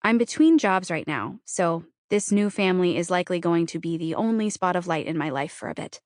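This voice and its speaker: A woman's voice: lowish voice, expressive, a little fast, dry recording, studio quality. A woman narrating a novel in the first person, with a wry, conversational, self-deprecating delivery. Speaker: audiobook narrator.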